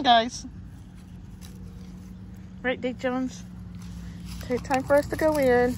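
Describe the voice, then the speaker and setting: A woman's voice: sits high, fairly even intonation, slow, a little hiss or hum. A woman fostering dogs, talking casually and cooing coaxing baby talk to puppies in an outdoor yard. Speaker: dog foster carer.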